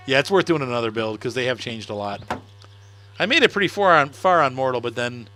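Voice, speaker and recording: Animated and moderately paced, a middle-aged man streams a game, chatting loosely, laughing frequently, and replying to viewers' comments. His voice is mid-range with a pushed, bright quality.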